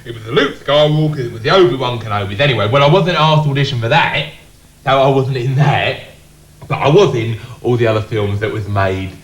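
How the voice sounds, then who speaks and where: An actor playing a rambling Cockney man in a surreal sketch comedy, who repeats himself and slips into squeaky high impressions. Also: fairly quick, lightly acted. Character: rambling Cockney man claiming film work. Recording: roomy echo.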